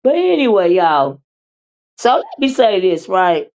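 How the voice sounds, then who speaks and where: A woman hosting a livestream, reading viewer comments and chatting with them in an animated, teasing way. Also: mid-range voice, a little slow. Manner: animated, teasing, with repeated "uh-uh" and laughter. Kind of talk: casual chat with viewers.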